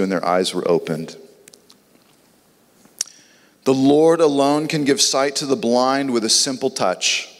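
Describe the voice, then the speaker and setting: A man's voice: mid-range voice, animated, slow, pauses often. A man preaching a sermon in an earnest way, sometimes acting out biblical dialogue in voices. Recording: long reverb.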